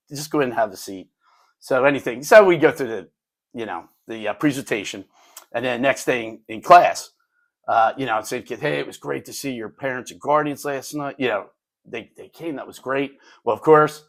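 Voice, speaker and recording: A man's voice: medium pitch, a little fast. Older man telling a classroom story. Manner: animated anecdote telling, acting out kids' lines. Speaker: retired teacher, podcast co-host. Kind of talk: casual storytelling chat.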